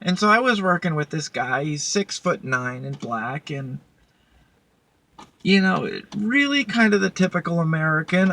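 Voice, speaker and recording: A woman's voice: on the low side, expressive, normal speed, fairly bright tone. A woman vlogger telling a work story in a blunt, profane, casual way. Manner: blunt, profane, heated retelling.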